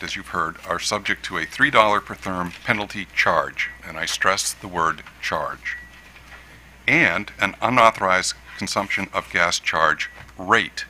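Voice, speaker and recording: Deep, bright-voiced man arguing a legal point. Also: a little hiss or hum, low-quality recording. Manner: measured, deliberate, stresses key words. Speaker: attorney for a utility. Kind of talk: formal legal argument at a hearing. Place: hearing room.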